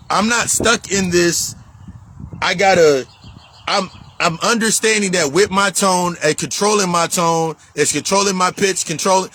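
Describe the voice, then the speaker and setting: A man with a high-sitting, sharp, husky voice talks as a life coach in a casual spiritual monologue. His manner is emphatic, profane street talk, and he repeats himself for stress. The recording quality is low.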